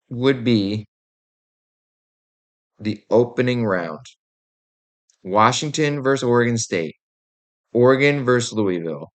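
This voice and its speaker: A young man hosting a sports show, ranting in a casual, exasperated way with lots of fillers. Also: mid-range voice. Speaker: podcast host. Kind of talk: opinionated sports rant.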